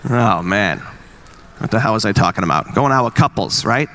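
A married man in his forties doing stand-up comedy, teasing the crowd and acting out quick exchanges in wry bits. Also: lowish voice, fairly bright tone, a little hiss or hum. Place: live venue with an audience.

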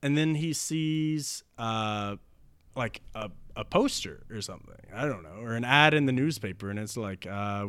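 A man chatting loosely as he spins out a story, laughing often and dropping into quick voices for each character. His voice is smooth and resonant, and the sound is dry and close. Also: lowish voice, fairly bright tone, no echo. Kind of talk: casual chat pitching a movie plot.

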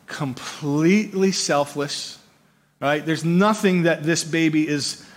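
Preaching slowly with a fairly high pitch, this man gives a conversational sermon as a pastor. His delivery is animated, he often asks his audience "right?", and he builds each point by repeating words.

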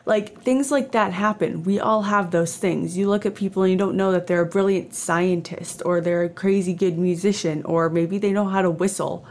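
A woman's voice: on the low side, steady tone, normal speed, hardly any pauses, a little mellow. A woman in her twenties from Canada, hosting a casual solo podcast, chatty and rambling with lots of fillers and self-deprecating asides. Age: 20s. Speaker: podcast host.

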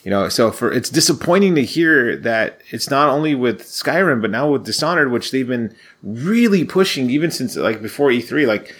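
A man's voice: mid-range voice, expressive, normal speed, few pauses, a bit bright, slightly rough. A man on a gaming podcast, ranting in an exasperated way. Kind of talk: casual gaming podcast chat.

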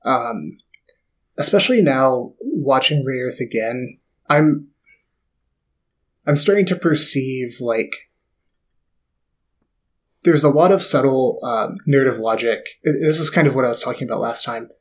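Brief: male podcast co-host, mid-pitched, relaxed and halting delivery. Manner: easygoing, hesitant with "um". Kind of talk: casual discussion.

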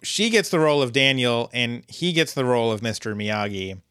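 A man co-hosting a podcast, recapping an episode in a relaxed way with dry humor and lots of ums. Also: medium pitch, fairly quick, clean tone, dry recording. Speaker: podcast co-host.

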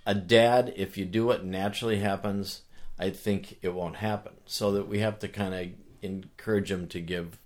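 A man talking as a guest in a casual conversation, telling a story with animated energy and earnest restarts. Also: sits low, moderate pace. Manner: animated storyteller who acts out voices. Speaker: author and guest.

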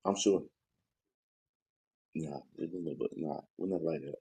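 A man with a Southern US accent co-hosts a casual podcast, and his voice sits very low. His tone is husky, and he answers in a laid-back, mumbly way. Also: measured pace, mellow. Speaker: podcast co-host. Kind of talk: casual chat.

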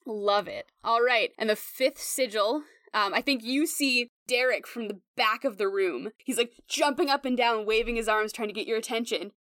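A young woman running a tabletop game as game master, narrating in an animated way, full of "like" fillers. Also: on the high side, normal speed, hardly any pauses, dry recording, clean studio sound. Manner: animated, lots of "like" fillers, breaks into character voices.

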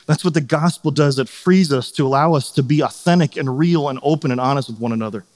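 Man, pastor, casual sermon, slightly high voice, long reverberant church hall. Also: fast talker, a little mellow. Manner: conversational preaching with frequent "right?" tags and acted-out quotes. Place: church sanctuary.

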